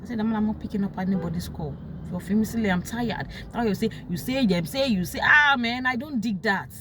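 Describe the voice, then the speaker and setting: A young Nigerian woman with a Nigerian accent talking about her life in casual storytelling, emotional and quick to act out what others said. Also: medium pitch, noisy background. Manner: emotional, animated, quotes others in sharp raised tones.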